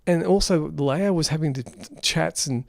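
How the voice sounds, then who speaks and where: A man's voice: on the high side, moderate pace, gravelly, no room sound, studio quality. A man giving an unrehearsed film review, rambling and exasperated.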